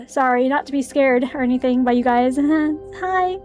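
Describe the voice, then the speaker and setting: Young woman game streamer, high voice, reads story text with nervous giggles. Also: fairly even intonation, unhurried, hardly any pauses, a little mellow, faint music behind. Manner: giggly, easily spooked. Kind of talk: reading a visual novel aloud with commentary.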